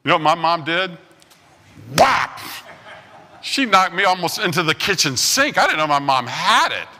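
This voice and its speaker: Animated pastor in a reverberant church. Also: male voice, fairly high pitch, brisk, noisy background. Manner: animated storytelling with acted-out quotes. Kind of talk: sermon. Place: church sanctuary.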